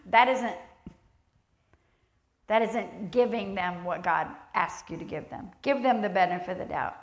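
A woman preaching a sermon in a church, emphatic and lively, acting out the voices of the people she quotes. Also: medium pitch, a little slow, long pauses. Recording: echoey church hall.

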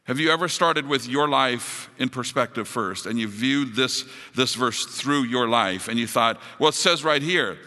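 A man preaching a sermon as pastor, building to emphatic high points and dropping to soft, quiet appeals. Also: unhurried, hardly any pauses, big-room sound. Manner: rises to emphatic peaks, drops to soft closing appeals.

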